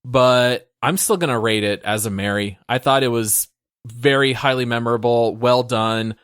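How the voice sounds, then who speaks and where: A man co-hosts a relaxed podcast, speaking earnestly with a wry sense of humor. His voice is mid-pitched for a man. The recording is dry and close, with no room echo. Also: normal speed, clean tone. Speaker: podcast co-host. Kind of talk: casual podcast chat.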